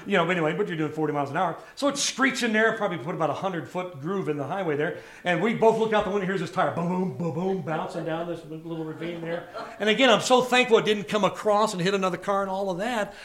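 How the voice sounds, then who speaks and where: A man preaching a sermon to a church congregation, telling personal stories with lively call-outs to the listeners. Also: high-pitched, quick pace, hardly any pauses. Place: church service before a congregation.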